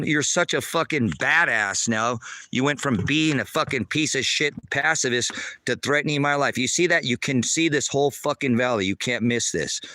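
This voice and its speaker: A man ranting angrily on a livestream from outdoors at a rural homestead, taunting and cursing, often shouting. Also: mid-range voice, no room sound, studio quality. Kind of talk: angry livestream rant.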